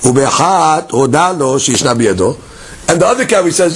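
A man teaching a Talmud class, moving between quick Hebrew text reading and explanation while acting out the claims in a case. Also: a little high, breathy edge. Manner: lively, leaps between English and Hebrew text reading, acts out case dialogues.

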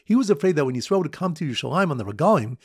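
A man's voice: racing, breathy edge, dry recording, studio quality. A man reviewing Talmud pages with playful mnemonic stories, jumping his voice up and down as he tells them. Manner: lively storytelling with sudden pitch jumps. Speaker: Talmud teacher.

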